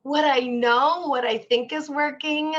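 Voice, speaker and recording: A woman's voice: high-pitched, steady tone, a little slow, a bit bright. A woman guest, a therapist, talking openly and at length in a candid interview, full of fillers and restarts. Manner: open and heartfelt, rambling with many fillers. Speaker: guest, mental health therapist. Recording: dull lo-fi sound.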